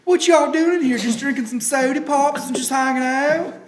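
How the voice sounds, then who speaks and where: A man's voice: extremely high pitch, moderate pace, reverberant, noisy background, pitched above the performer's own voice. A man putting on a hammy mock Southern accent to play a folksy good ol' boy, drawling and jokey.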